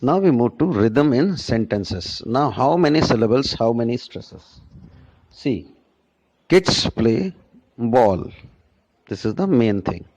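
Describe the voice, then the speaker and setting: Slow-speaking man teaching pronunciation. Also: mid-range voice, expressive, darkish tone. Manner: slow, deliberate, repeats and checks with "right?". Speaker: English teacher. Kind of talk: classroom lecture on pronunciation.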